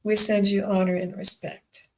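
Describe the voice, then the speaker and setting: A woman speaking as a group of spirit guides, giving measured, reassuring messages in a spiritual channelling session. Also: medium pitch, little pitch movement, close to an everyday voice, low-quality recording. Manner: slow, measured, reassuring pronouncements.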